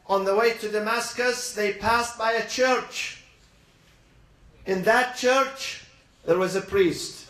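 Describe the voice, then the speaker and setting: High-voiced man preaching a story, echoey. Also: a bit bright. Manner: dramatic, slows and drops low for emphasis. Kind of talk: emotional sermon storytelling.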